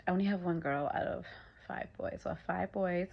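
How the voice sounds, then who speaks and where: A pregnant woman in her thirties talks casually to the camera, chatty and quick to laugh. Her voice sits low and gravelly with a husky edge, and the recording sounds dull and lo-fi. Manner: chatty, laughs often, breathy asides. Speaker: vlogger. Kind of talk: casual chat.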